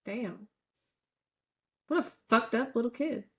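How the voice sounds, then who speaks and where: A young woman co-hosting a podcast in casual chat, blunt and quick to swear, often chiming in with agreeing fillers. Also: a little high, slightly rough. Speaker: podcast co-host.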